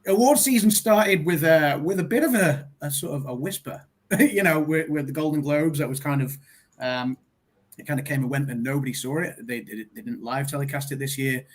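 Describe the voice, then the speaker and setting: A man with a British accent hosting a casual podcast chat, talking in a relaxed, rambling way with many fillers. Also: fairly high pitch. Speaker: podcast host.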